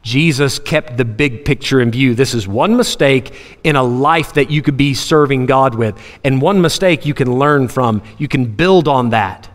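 A man preaching a sermon, animated, acting out Bible scenes in different voices and laughing often. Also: medium pitch, normal speed. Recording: long hall reverb.

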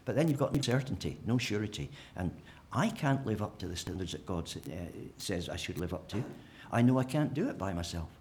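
Lively, animated male preacher. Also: fairly low pitch, a little fast, slight background noise. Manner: animated, acts out imagined speakers with humour. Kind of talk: sermon.

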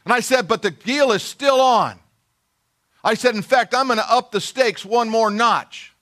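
Bright-voiced man preaching a story. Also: sits high. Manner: folksy, self-deprecating storytelling with quoted dialogue. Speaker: pastor. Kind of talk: sermon storytelling.

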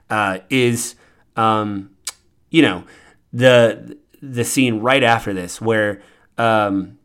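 A man's voice: on the low side, fairly bright tone. A podcast host, a man, recapping a film in casual, earnest talk full of fillers and restarts.

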